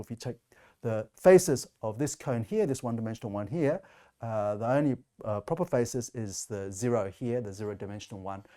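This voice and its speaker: A man's voice: mid-range voice, mellow. A man giving a recorded mathematics lecture, explaining step by step with frequent "uh" and "okay". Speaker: math lecturer.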